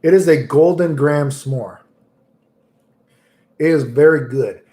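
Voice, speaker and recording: A man's voice: on the high side, unhurried, mellow. A man livestreaming in casual chat, rambling and making crude jokes as he talks about fighting games.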